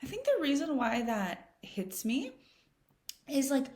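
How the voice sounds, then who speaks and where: A woman hosting a reaction video in casual, chatty commentary, bubbly and quick to laugh, in an echoey room. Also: high voice, huge pitch swings, a little mellow. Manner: bubbly, chatty, laughs often, gets emotional.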